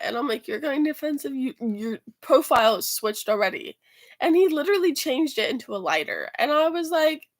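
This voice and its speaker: A woman's voice: high-pitched, fairly bright tone. A woman casually telling a rambling story about her school week, swearing freely and trailing off into fillers and restarts. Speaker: student vlogger.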